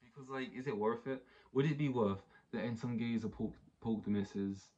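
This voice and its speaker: A man's voice: medium pitch, steady tone, moderate pace, a little mellow. A young man, rambling through a casual solo podcast with lots of fillers and restarts. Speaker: podcast host. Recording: dull lo-fi recording.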